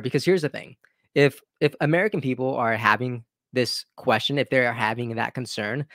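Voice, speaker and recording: A man's voice: medium pitch, no room sound, clean studio sound. A man hosting his own commentary channel, talking in an opinionated, conversational way and restarting his sentences. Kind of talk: casual political commentary.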